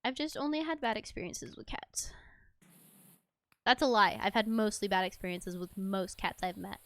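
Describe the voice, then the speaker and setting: A woman's voice: medium pitch, normal speed, a bit bright. A woman streaming a game and chatting casually, giggly and swearing offhand. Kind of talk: casual gameplay chat.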